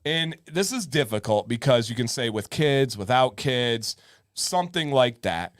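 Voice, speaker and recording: A man co-hosting a live show in casual chat, a lively storyteller who acts out other people's voices. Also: medium pitch, a little slow, dry recording, studio quality. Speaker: co-host of a live advice show.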